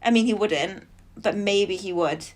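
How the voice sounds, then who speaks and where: A woman's voice: medium pitch, a little slow. A young woman, chatting as a podcast guest, laughing often and acting out other people's lines. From England. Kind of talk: casual chat.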